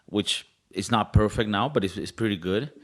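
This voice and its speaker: A man's voice: fairly low pitch, normal speed. A man co-hosting a podcast, talking in a loose, joking way with frequent crude bits. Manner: joking, laughs often, does crude bits. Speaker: podcast co-host. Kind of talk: casual chat.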